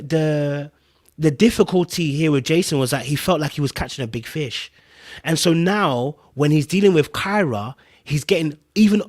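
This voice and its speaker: Man, podcast host, slightly high-pitched, emphatic and repetitive, casual commentary. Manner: emphatic, repeats points, keeps checking in with "right?".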